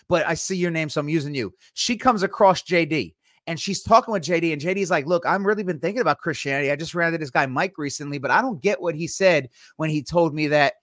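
A man's voice: on the high side, fairly bright tone, dry recording. Emphatic man with a lifted, dry voice. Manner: emphatic, acts out quick imagined dialogue. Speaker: podcast co-host. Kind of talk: animated live-stream podcast talk.

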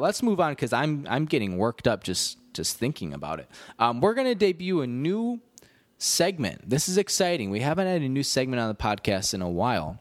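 A man's voice: medium pitch, no room sound. Rambling man telling a podcast story. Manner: animated, self-deprecating rambling with many restarts. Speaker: podcast host. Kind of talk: casual storytelling monologue.

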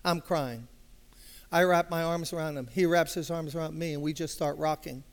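A man's voice: fairly high pitch, fairly even intonation, normal speed. An older man with a New York accent, a pastor telling a story in a sermon, conversational and acting out dialogue, swelling into emphatic passion. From Brooklyn, New York. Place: church sanctuary.

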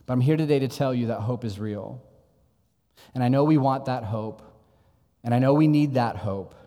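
A man's voice: mid-range voice, normal speed, dark tone. A young male pastor delivers a sermon with an easy, conversational tone. His voice sits in a middle register. The sound carries the long reverb of a large church hall. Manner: conversational storytelling preacher.

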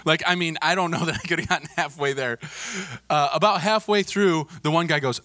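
A middle-aged male pastor telling a humorous story, animated, chuckling often and acting out the voices. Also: on the high side, a little fast.

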